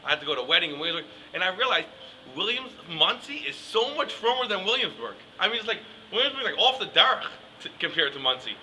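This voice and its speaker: A young man rants for laughs, his voice high and sharply bright. He rattles off jokes at a quick clip, piling up "like"s and "I mean"s, with faint noise underneath. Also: very animated, poor audio. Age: young adult. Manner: rambling, joking, full of "like" and "I mean". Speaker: yeshiva student comic. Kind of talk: casual comedic rant.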